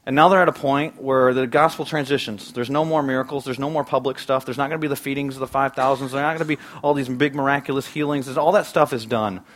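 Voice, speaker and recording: A man's voice: mid-range voice, steady tone, fast, few pauses, a bit bright. A man pastor preaching a sermon, earnest and conversational, with sudden bursts of emphasis.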